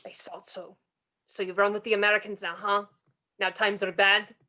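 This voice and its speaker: A woman's voice: medium pitch, level tone, normal speed, pushed and bright, natural voice. A woman reading the part of a cornered young German sergeant in an amateur script reading, tense and suspicious. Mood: wary.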